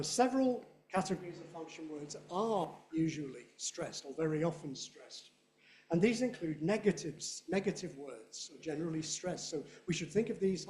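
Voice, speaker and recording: A man's voice: on the high side, darkish tone. A man giving a conference lecture, explaining points and saying example phrases aloud to demonstrate them. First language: English. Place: lecture room. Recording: echoey lecture room.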